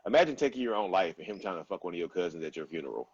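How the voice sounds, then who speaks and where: A man's voice: low voice, lively intonation, rapid-fire, slightly rough, dull audio. A young man hosting a casual livestream, talking bluntly and in slang to his viewers. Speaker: livestream host.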